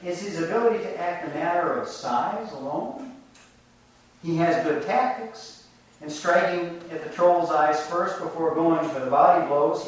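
A man preaching a reflective sermon, telling a folk tale and drawing lessons from it, recorded from a distance. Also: fairly high pitch. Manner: reflective, measured storytelling. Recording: echoey room from a distant mic.

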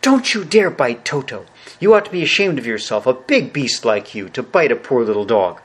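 A spirited little girl from a storybook scolds and questions in a raised, earnest voice, as a man puts her on. The tone is husky and breathy underneath. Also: medium pitch, very animated, normal speed, pitched above the performer's own voice. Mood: scolding. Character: indignant brave little girl.

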